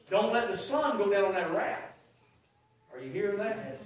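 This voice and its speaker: High-voiced pastor in echoey church. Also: male voice, moderate pace. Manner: folksy, builds to shouted emphasis. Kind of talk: sermon. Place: church sanctuary. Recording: very echoey room, from far off.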